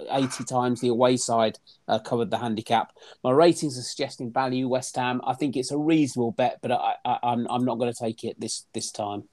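A man's voice: mid-range voice, darkish tone. A man methodically reading out football handicap statistics, with frequent hesitant fillers. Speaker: betting statistics analyst.

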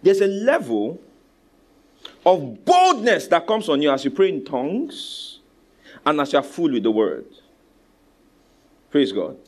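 This sermon comes from a male Nigerian-accented pastor who speaks at a measured pace and pauses often. His delivery is forceful and lively, shifting from loud urging to hushed asides to call-and-response with the congregation.

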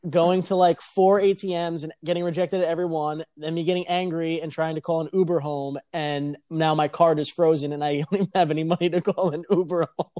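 Excitable young guy telling a wild story, kinda high voice, dry mic, cusses a lot. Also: fairly quick, hardly any pauses, no echo. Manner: animated, swears constantly, laughs mid-sentence. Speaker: podcast co-host telling a story. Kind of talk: casual storytelling, profane.

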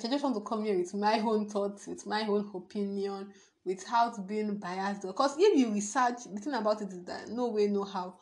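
A woman's voice: mid-range voice, a little mellow. A young woman, hosting a casual solo podcast, rambling, giggling and restarting as she talks. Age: young adult. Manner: rambling and giggly, restarts often, hums and sings to herself. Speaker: podcast host.

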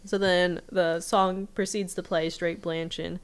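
A woman co-hosting a casual podcast, recapping an episode in chatty, giggly storytelling with quick quoted voices, recorded over a remote video call. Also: on the low side, flat delivery, smooth. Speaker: podcast co-host.

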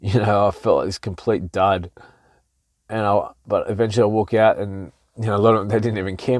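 A man hosting a podcast, telling a personal story in a casual, animated way, often restarting his sentences. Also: on the low side, fairly quick, no room sound, clean studio sound. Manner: animated, with frequent restarts and self-quoting. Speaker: podcast host.

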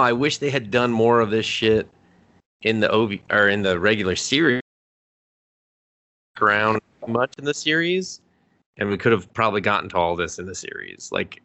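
A man co-hosting a podcast, casually retelling an anime plot with lots of swearing and acted-out lines. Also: fairly low pitch. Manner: animated retelling, acting out characters' lines; swears freely. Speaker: podcast co-host. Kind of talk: casual anime review chat.

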